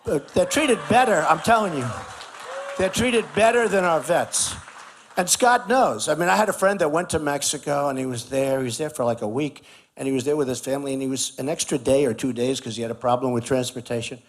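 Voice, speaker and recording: A man delivers a campaign rally speech at an outdoor barbecue. His voice sits a little high, and he talks in an emphatic, conversational way, hammering the same points over and over. He speaks into a podium microphone. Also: fairly quick, a faint crowd. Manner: repetitive, emphatic, conversational riffing. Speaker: political candidate speaking at a rally.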